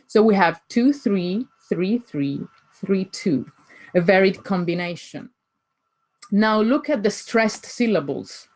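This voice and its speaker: A woman giving an academic lecture, reading poetry closely with deliberate emphasis. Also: medium pitch, expressive, a little mellow. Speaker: conference speaker.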